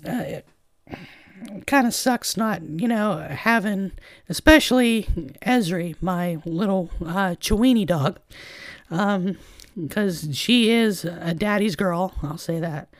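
Speaking slowly in a mid-range voice, a woman hosts a laid-back solo podcast at home in her trailer. Her talk is filler-heavy and meandering, and there is no room sound.

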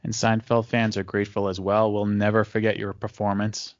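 A man's voice: lowish voice, completely flat delivery, fairly quick, no echo, dull audio. A man co-hosting a podcast, asking a guest fan questions in a friendly, casual way. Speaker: podcast co-host. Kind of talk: casual interview chat.

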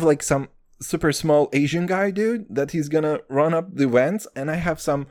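A young man doing a rambling, profane comic monologue, jumping between voices and pitches as he riffs. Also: normal speed, hardly any pauses, faint music behind. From Israel. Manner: profane, excitable, riffing with sudden jumps in pitch.

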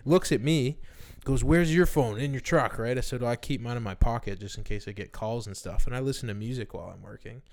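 A man's voice: mid-range voice, fast, creaky, a little mellow. A young man co-hosting a podcast, telling stories in casual chat and laughing often. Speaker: podcast co-host.

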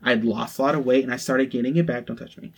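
A man's voice: medium pitch, steady tone, fast. A young man with a Southern accent telling a personal story to his co-host in a frank, profane, casual way, full of "like". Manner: frank, profane, heavy use of "like". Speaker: podcast co-host.

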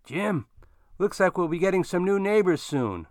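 Man reading a polite elder street mayor, slightly curt, animated, dry. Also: sits high, moderate pace, dry recording, pitched above the performer's own voice. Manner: courteous, a little curt.

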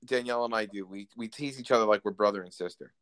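A man's voice: fairly low pitch, fast talker, a bit bright, clear, resonant tone. A young man hosting a casual chat, teasing his guest and joking about himself. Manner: joking, self-deprecating. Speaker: host.

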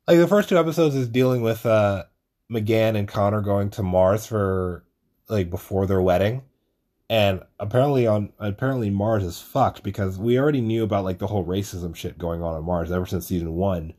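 The young man's lowish, mellow voice moves at normal speed. Hosting a podcast by himself, he rambles in a casual way, swears often and is self-deprecating.

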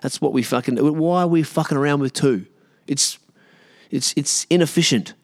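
At a moderate pace and fairly high pitch, an Australian podcaster in his late thirties rants by himself. He wanders from point to point, sarcastic and profane.

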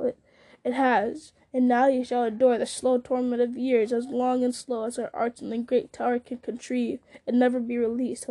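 A woman voicing a sneering male herald of a dark lord. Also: a little high, close to an everyday voice. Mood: gloating. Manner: taunting, sneering, laughing at others.

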